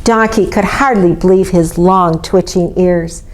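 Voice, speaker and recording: A woman reading a children's story aloud in an expressive way, inviting her listeners to join in. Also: fairly low pitch, a little slow, noisy background. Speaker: storybook reader.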